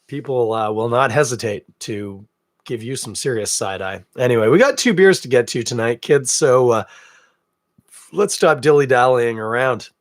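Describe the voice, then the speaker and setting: A man's voice: mid-range voice, animated, moderate pace, no room sound, clean studio sound. Congested, chatty male podcast host. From Canada. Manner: chatty, self-deprecating, rambling asides. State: congested, snuffly from a cold. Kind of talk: casual live beer-tasting chat.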